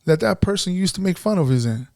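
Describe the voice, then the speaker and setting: A man's voice: high-pitched, animated, fast talker, gravelly, a little mellow, dry recording, clean studio sound. A man co-hosting a podcast, talking in a blunt, frustrated way and swearing heavily in casual chat. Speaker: podcast co-host.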